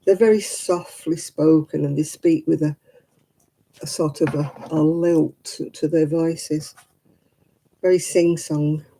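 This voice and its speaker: A woman's voice: low-pitched, fairly even intonation, takes it slowly, warm tone, poor audio. A middle-aged woman, hosting a casual craft livestream, chatty and candid with frequent laughs. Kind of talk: casual live chat while knitting.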